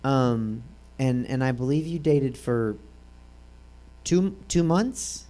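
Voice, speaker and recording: Brief: man co-host, measured delivery, dry quips. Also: mid-range voice, expressive, mellow.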